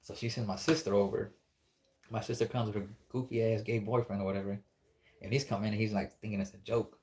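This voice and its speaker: Low-voiced man telling a spooky story. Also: flat delivery, fast talker, a little mellow, a little hiss or hum. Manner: profane, rambling, acts out quoted dialogue.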